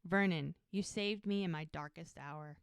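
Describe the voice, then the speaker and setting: A woman's voice: lowish voice, moderate pace, gravelly, clear, resonant tone, no room sound, clean studio sound. A woman co-hosting a podcast, casually recapping a TV episode and acting out the characters' lines as she retells scenes, laughing now and then. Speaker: podcast co-host.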